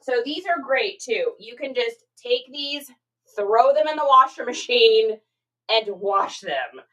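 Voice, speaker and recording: A woman's voice: a little high, expressive, takes it slowly, sharp tone, dull audio. A woman hosting a casual livestream from home, talking through her reselling work in a rambling, chatty way and reading out viewer comments. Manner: chatty and rambling, many fillers, reads chat aloud.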